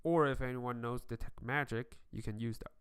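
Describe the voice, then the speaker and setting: A man running a tabletop game as game master, talking in a halting way with many fillers and restarts. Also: mid-range voice, fairly even intonation, background noise.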